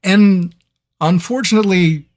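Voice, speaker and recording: Speaking at an unhurried pace with a high-pitched voice, a male audiobook narrator chats with fans in a live Q&A. He's playful and animated, weaving stories into his answers.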